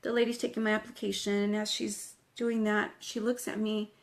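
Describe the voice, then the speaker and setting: A woman giving an emotional personal testimony, crying as she speaks, halting and repeating herself, often apologizing. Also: medium pitch, level tone, vocal fry. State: tearful, crying. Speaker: guest telling her life story.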